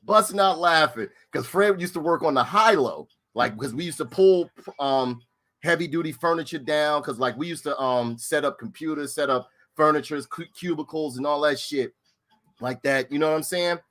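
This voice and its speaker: A middle-aged man telling stories in casual chat. He is animated, swears freely and repeats his lines for effect. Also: a little high, moderate pace. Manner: animated, profane, repeats himself. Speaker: storyteller.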